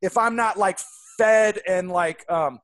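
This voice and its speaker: A man's voice: high voice, slow, fairly bright tone, no room sound. Enthusiastic man, dry close sound. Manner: enthusiastic, rambling with many restarts. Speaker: podcast co-host. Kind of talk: casual podcast conversation.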